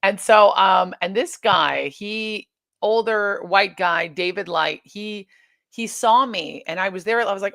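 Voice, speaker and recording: A woman guest in an interview, recounting her experiences in an animated way, often restarting sentences and acting out what others said. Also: medium pitch, unhurried, dry recording, studio quality. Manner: animated retelling, many restarts, acts out quoted exchanges. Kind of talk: candid interview storytelling.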